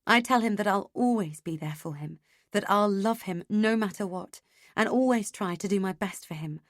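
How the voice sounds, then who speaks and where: A woman reading a first-person audiobook in an expressive, emotionally engaged way. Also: medium pitch, moderate pace, dry recording, studio quality. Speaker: audiobook narrator.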